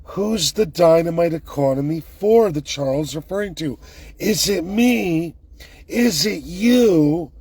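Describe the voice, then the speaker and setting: A man's voice: high voice, a little mellow, slightly rough, dry recording. A man delivering a heated, emphatic and sarcastic political rant, speaking straight to his viewers. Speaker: political commentator.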